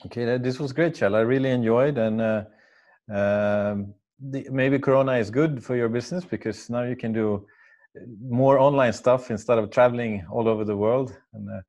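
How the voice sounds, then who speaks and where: A man's voice: medium pitch, moderate pace, a little mellow. A man hosting a casual podcast interview, asking questions and giving short encouraging replies. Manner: brief encouraging responses. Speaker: podcast host.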